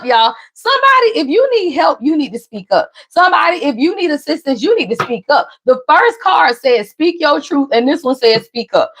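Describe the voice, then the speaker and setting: A woman gives viewers a casual tarot reading, speaking emphatically. She keeps calling out "somebody" and "y'all" and jumps around in pitch.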